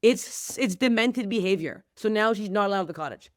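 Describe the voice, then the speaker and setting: A woman from Canada, a comedian guest on a podcast, telling stories in an animated, profane way. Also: mid-range voice, a little fast, dry recording, studio quality. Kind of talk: casual podcast chat.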